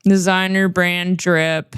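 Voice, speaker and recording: A woman's voice: lowish voice, flat delivery, takes it slowly, clean tone, no echo, studio quality. A woman co-hosting a casual podcast who tosses in sarcastic, wry asides. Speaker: podcast co-host. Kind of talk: casual chat.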